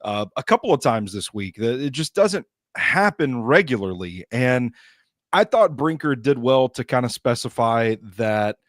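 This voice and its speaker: A man co-hosting a sports talk show, giving measured conversational analysis. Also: medium pitch, animated, fairly bright tone, no echo, studio quality. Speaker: co-host.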